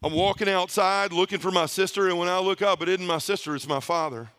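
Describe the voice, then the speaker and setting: On a conference hall stage, a middle-aged man shares his personal testimony in a high-pitched, fairly bright voice at a quick pace. He tells his story with heart, often slipping into the present tense.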